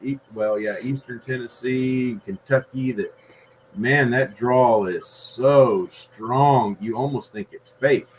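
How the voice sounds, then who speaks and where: A man speaking as a podcast guest in an unhurried, rambling way, often pausing on fillers. His voice sits at a middling pitch, with a faint hiss in the background. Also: poor audio. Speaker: guest author. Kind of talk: casual podcast conversation.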